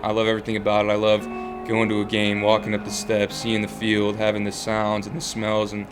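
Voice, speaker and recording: A man's voice: lowish voice, completely flat delivery, brisk, music in the background. A young man in his twenties, talking earnestly in a casual interview as a baseball player, full of fillers and restarts.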